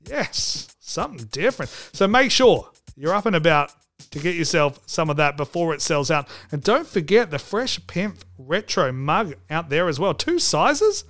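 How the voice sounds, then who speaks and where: A man's voice: a little high, sing-song, moderate pace, a bit bright, soft background music. Joking, irreverent podcast host, a man. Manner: joking, irreverent, mock phone call, swears. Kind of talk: comedic podcast monologue.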